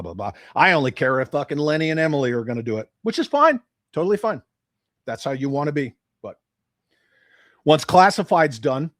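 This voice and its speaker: A man's voice: medium pitch, dry recording, clean studio sound. A man hosting a livestream, ranting with profanity and sarcasm about his hobby. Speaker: livestream host.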